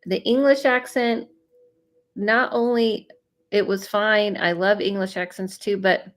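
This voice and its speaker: A woman's voice: mid-range voice, fairly even intonation, unhurried. A woman hosting a casual livestream as a psychic medium, chatting and reading viewer comments with lots of fillers and laughs, a little stuffy from allergies. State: slightly congested from allergies. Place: home, Los Angeles. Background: faint music.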